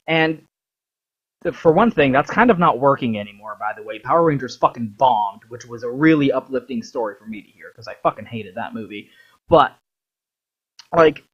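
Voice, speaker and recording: Husky, heated, swearing vlogger. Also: medium pitch. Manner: profane, heated, filler-heavy. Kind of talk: casual ranting monologue. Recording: dull lo-fi recording.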